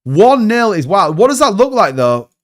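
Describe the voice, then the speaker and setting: A man's voice: high-pitched, sing-song, normal speed. A man with a Yorkshire accent, chatting bluntly on a livestream and answering viewers, often repeating himself and calling people mate. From Yorkshire, England. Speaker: crypto livestream host. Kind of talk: casual livestream chat reading viewer comments.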